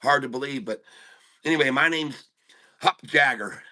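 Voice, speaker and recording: Joke frog, male, smooth-talking, ribbits, bright tone; a man voices it. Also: medium pitch, moderate pace. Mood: sly. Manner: croaks the odd ribbit.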